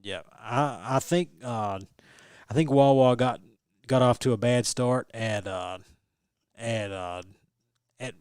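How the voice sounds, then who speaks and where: A young adult man, a guest telling a story in an animated, restarting way. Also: medium pitch, takes it slowly, long pauses, clear, resonant tone, dry recording, studio quality. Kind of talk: casual storytelling interview.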